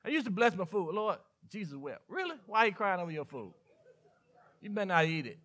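A Southern man preaches from the pulpit in a high, forceful, bright voice. He teases his listeners with mock questions and quick asides, swinging between loud preaching and quiet confiding lines. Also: big pitch swings. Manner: preaching with call-and-response asides and playful mock dialogue. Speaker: pastor. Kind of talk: sermon.

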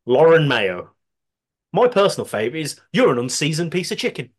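This co-host of a podcast, a Birmingham, England native with a Brummie accent, has a slightly high voice with big pitch swings and a brisk delivery. He works through listener submissions, laughing frequently and swearing offhandedly.

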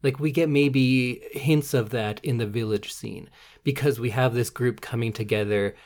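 A man's voice: mid-range voice, normal speed, darkish tone. A man with a Canadian accent, co-hosting a casual podcast and talking through a film in a thoughtful, analytical way. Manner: thoughtful, analytical, occasional swearing. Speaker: podcast co-host.

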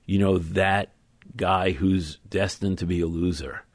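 A man being interviewed as an author, explaining at length in a thoughtful, measured way. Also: low-pitched, fairly even intonation, no room sound. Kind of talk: conversational interview.

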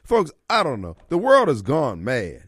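A man's voice: medium pitch, huge pitch swings, measured pace, fairly bright tone, husky, no echo, studio quality. A man hosting a call-in radio talk show, joking loosely in street slang with frequent laughter.

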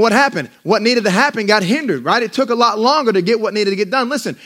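A man preaching a sermon as pastor, mixing conversational asides with rising, drawn-out emphasis. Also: high-pitched, sharp tone. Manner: conversational asides with self-deprecating laughs.

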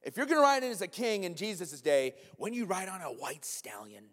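Male pastor, animated sermon delivery, higher voice, church hall echo. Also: fairly quick. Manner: animated, acts out a comic scene in a loud high voice.

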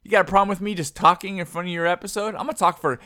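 A young man rambles through a podcast intro in a goofy, self-deprecating way. His voice is bright and forward. The sound is close and dry, with no room around it. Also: high voice, steady tone, rapid-fire, no room sound. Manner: conspiratorial hushed teasing at the start. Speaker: podcast host.

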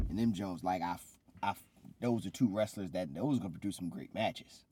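A man co-hosting a casual podcast, recapping wrestling in a loose, animated way and acting out quotes. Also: deep voice, fairly quick, slight background noise. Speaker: podcast co-host.

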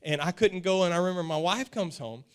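A man's voice: high voice, quick pace, smooth. A man in his forties preaching a sermon, telling stories with animation and often repeating words.

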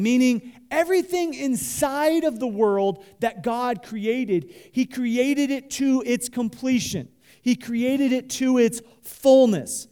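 A pastor preaching a sermon, animated, leading the congregation in call-and-response and talking loosely with many fillers and restarts. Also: male voice, extremely high pitch, slow pace.

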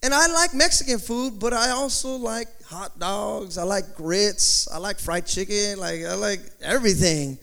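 A pastor preaching a sermon in an animated, conversational way, with joking asides. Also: male voice, sits high, a little slow, creaky, few pauses. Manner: slips into playful put-on accents in quotes.

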